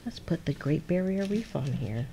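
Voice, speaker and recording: Lady, pretty low voice, yapping with her viewers while she glues stuff at her desk, laughs a lot, bit of hiss. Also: animated, normal speed, creaky. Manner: chatty, laughs often, answers viewers' comments. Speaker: crafting channel host. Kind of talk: casual crafting livestream chat. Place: home craft desk.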